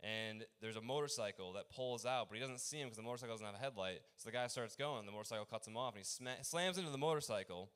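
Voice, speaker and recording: A young man performing a rambling open mic stand-up set, halting often with fillers and restarts. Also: mid-range voice, fairly bright tone, smooth.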